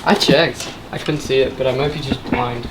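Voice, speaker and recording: A man's voice: medium pitch, fairly even intonation, moderate pace. A man co-hosting a car vlog in a home garage, explaining the job in an easygoing, self-mocking way. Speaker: vlog co-host. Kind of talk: casual chat explaining car work. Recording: noisy garage, tool clicks.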